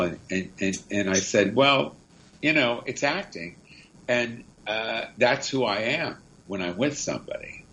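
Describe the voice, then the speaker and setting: Middle-aged man, lower pitch, animated anecdotal storyteller in a casual interview. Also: moderate pace, slight background noise, low-quality recording. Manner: chatty, rambling, animated anecdotes. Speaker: guest comedian and actor.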